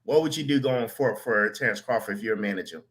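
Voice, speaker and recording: A man hosting a casual podcast chat, giving shout-outs and reading out viewer questions. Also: on the low side, fast talker. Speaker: podcast host.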